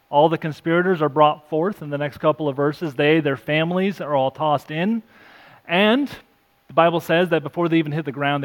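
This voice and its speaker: A male pastor delivers an earnest sermon with a slightly higher-pitched voice. He reads scripture aloud and swings between emphatic, raised lines and quiet, hushed ones. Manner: earnest preaching, rising for emphasis then dropping soft; self-deprecating asides.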